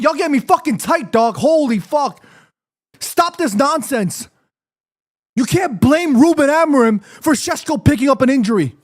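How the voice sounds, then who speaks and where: A man's voice: very high voice, very animated, unhurried. A man ranting heatedly to his chat on a live football watchalong, swearing and defending his team. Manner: heated, ranting, profane, addresses chat directly. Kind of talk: live fan reaction stream.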